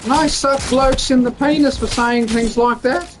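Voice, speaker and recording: A man doing an exaggerated, high-pitched voice of a crude, indignant bloke. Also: steady tone, normal speed.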